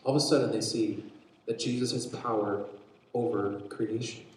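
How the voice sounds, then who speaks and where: A man preaching a sermon, retelling a story in an animated way with frequent restarts. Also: fairly low pitch, moderate pace. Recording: very echoey room.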